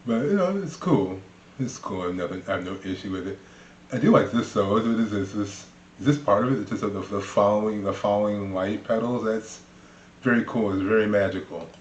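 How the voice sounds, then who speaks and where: A man's voice: lowish voice, brisk, a little hiss or hum. A man casually commenting as he reacts to video clips, rambling with lots of fillers and laughing often. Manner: chatty, rambling, laughs a lot, many fillers. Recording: roomy, dull lo-fi sound.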